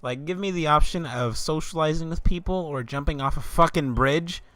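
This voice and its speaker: A man's voice: fairly high pitch, normal speed, sharp tone, no room sound. A young man ranting in a comedic vlog, swearing often and stammering into exasperated outbursts. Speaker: vlogger.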